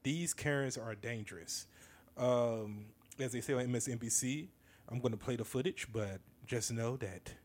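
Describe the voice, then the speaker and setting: A man's voice: medium pitch, normal speed. A man hosting a podcast, talking casually and joking as he comments on a video he plays. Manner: laid-back, chatty, amused asides. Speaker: podcast host.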